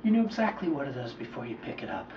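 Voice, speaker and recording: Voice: mid-range voice, sing-song, quick pace, background noise. A counselor telling a story with a moral in a conversational way. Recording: dull roomy recording from a distance.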